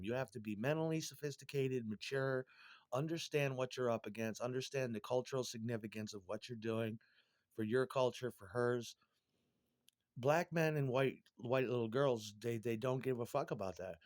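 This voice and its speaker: A man's voice: medium pitch, normal speed, darkish tone, no room sound, clean studio sound. A middle-aged man delivering a crude, profane, rambling monologue.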